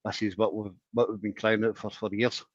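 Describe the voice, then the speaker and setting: A man calling into a football phone-in, talking passionately in quick bursts. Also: fairly low pitch, level tone, no echo. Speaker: caller. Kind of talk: casual phone-in chat. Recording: dull dry phone line.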